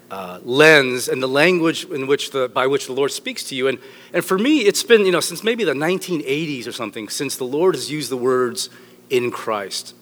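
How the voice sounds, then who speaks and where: A man's voice: a little high, a bit bright. A middle-aged man preaching a sermon as a pastor, joking and rambling with restarts. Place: church hall. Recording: echoey hall with long reverb.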